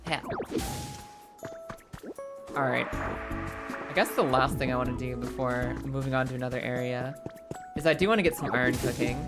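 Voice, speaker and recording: A woman livestreaming a game, chatting playfully with her viewers, joking and swearing freely. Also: a bass voice. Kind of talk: casual gameplay commentary to a live chat. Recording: game music playing behind.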